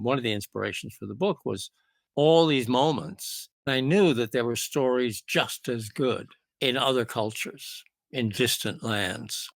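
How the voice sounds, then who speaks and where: Gravelly-voiced man telling stories. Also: medium pitch, fairly bright tone, dry recording. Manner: enthusiastic storyteller, lists examples eagerly. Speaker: guest author and music producer. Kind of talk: interview storytelling.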